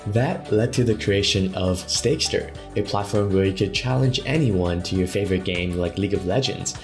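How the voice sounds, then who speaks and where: Deep-voiced male podcast host. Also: moderate pace, over music. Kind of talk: scripted podcast intro and interview questions.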